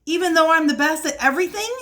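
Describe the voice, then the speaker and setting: A woman's voice: very high voice, fast talker, a bit bright. A woman voicing a sweet, boastful young princess in a storybook.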